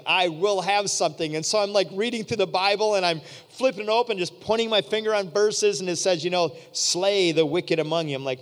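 Animated preaching man, high voice. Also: brisk. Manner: animated, acts out quoted voices. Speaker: pastor. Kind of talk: storytelling sermon. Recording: long hall reverb.

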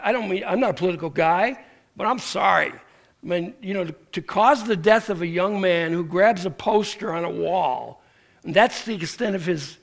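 A man's voice: high voice, vocal fry. A man preaching a sermon, telling stories animatedly and acting out the people in them, with frequent restarts. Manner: animated storytelling with acted quotes and restarts. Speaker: pastor.

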